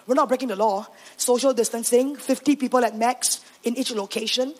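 A Singaporean woman pastor telling her story in a sermon, animated and sprinkling in Singlish particles. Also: a little high, brisk. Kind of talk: sermon testimony.

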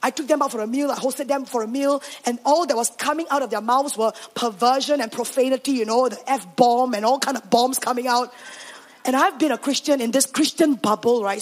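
A Singaporean woman pastor telling her story in a sermon, animated and sprinkling in Singlish particles. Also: sits high. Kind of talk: sermon testimony.

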